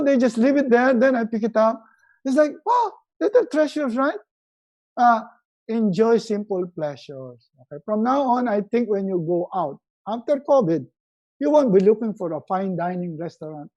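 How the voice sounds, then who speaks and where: A middle-aged man, giving a live motivational webinar talk as a resiliency coach, animated and acting out little quoted scenes. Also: sits high, moderate pace, highs cut off.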